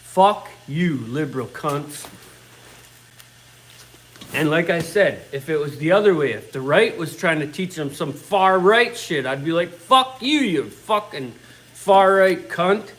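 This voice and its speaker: A man's voice: fairly high pitch, lively intonation, unhurried, a bit bright, poor audio. A middle-aged man in his own workshop, ranting bluntly and swearing constantly in casual talk. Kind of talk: casual rant.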